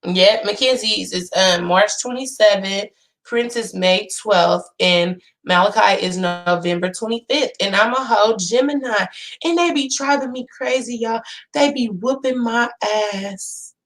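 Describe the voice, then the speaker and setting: Loud, swearing and animated, this woman in her thirties vents casually to her viewers as a vlogger, her Northern California accent clear. She speaks unhurriedly in a fairly high pitch.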